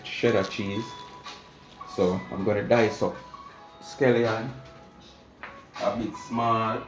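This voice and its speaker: A man with a Jamaican accent chatting casually to his viewers while he cooks in his home kitchen. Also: fairly low pitch. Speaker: cooking vlogger. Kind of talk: casual cooking talk. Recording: echoey kitchen with music behind.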